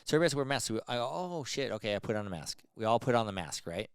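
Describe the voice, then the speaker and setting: Middle-aged guy rattling off stories fast, laughing a lot, doing little voices for people, dry close sound. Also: mid-range voice, smooth, no echo. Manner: animated, laughs often, acts out quotes. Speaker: podcast co-host. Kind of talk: casual storytelling chat.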